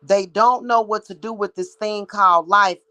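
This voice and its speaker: A woman's voice: medium pitch, steady tone, moderate pace, bright, forceful tone, poor audio. A woman who works as a psychic reader, ranting to her viewers in a blunt, heated, profane monologue. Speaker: psychic reader and spiritual practitioner.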